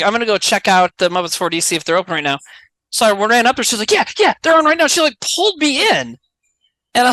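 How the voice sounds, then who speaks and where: A middle-aged male podcast co-host tells stories in casual chat, animated and laughing often. His voice sits high, and the recording is dry and rough.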